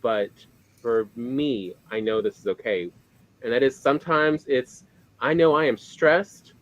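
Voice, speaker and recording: Male podcast host, mid-pitched, chatty and meandering, leans on fillers. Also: unhurried, lo-fi sound. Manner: rambling, many fillers. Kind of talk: casual chat.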